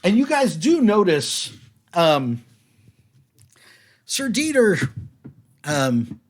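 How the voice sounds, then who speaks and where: A man narrating as game master of a tabletop game, slow and hesitant with many fillers. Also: high voice, wildly swooping pitch, a little hiss or hum.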